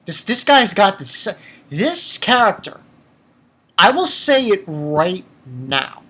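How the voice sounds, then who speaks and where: A man talks through an anime episode in a loose, casual review. He speaks at a slow, drawn-out pace and gets worked up, swearing and tripping over his words as he restarts sentences. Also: high-pitched, very animated, sharp tone, husky. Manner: emotional, profane, stammering restarts.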